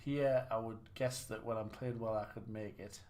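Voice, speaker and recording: There's background noise as this gaming livestreamer commentates his snooker match, joking about his own shots and restarting his sentences as he rambles. He speaks at a moderate pace in a fairly low, steady voice.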